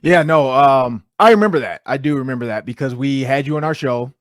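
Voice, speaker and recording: A man's voice: medium pitch, fairly quick, no room sound, clean studio sound. A male podcast host asking friendly, rambling questions in a casual interview.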